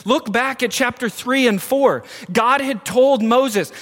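A man's voice: extremely high pitch, slow pace, fairly bright tone, big-room sound. A man preaching a sermon as pastor, emphatic and asking his listeners questions. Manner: emphatic, asks the congregation questions.

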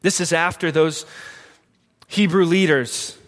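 Male preacher, emphatic, poses questions to the room; unhurried delivery, echoing hall. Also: on the high side, a bit bright. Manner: emphatic, asks the congregation questions. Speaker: pastor. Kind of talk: sermon.

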